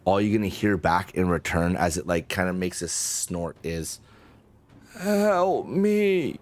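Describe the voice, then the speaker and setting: A man's voice: low-pitched, fairly even intonation, moderate pace. A man narrating as game master, hesitant, with many fillers and restarts.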